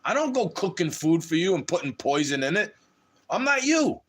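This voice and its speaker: A man's voice: sits high, big pitch swings, normal speed, a bit bright. A man on a livestream delivering a heated, profane rant straight to his audience.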